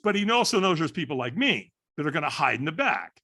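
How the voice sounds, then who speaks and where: A man in his sixties from California, a podcast guest telling a story in an animated way, acting out the voices of the people in it. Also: a little high, fast talker, gravelly, breathy edge. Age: 60s. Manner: lively storyteller acting out voices, frequent "right?".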